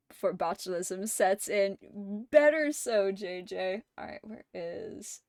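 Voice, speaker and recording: A woman's voice: mid-range voice, animated, slow pace, darkish tone. A woman hosting a livestream, chatting casually and reading viewer messages aloud, laughing often between lines. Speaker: livestream host.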